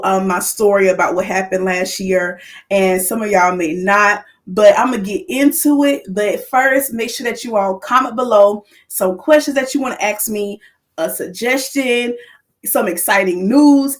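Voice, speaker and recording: A woman hosting her podcast livestream, talking straight to viewers, lively and excited. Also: mid-range voice. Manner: lively, excited, calls to the audience. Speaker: podcast host.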